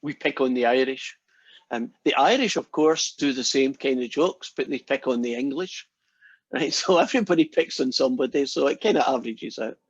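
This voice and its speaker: Male instructor, easygoing raconteur, slightly husky, muffled close-miked lecture audio. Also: mid-range voice, normal speed, no room sound. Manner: chatty storyteller, jokes with class. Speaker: math instructor. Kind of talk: lecture with a told joke.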